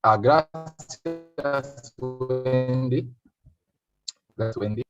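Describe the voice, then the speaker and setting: A man's voice: mid-range voice, extremely slow, highs cut off, music in the background. Jamaican man tutoring Spanish on a call. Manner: mixes English and Spanish, quizzes students. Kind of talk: online revision lesson.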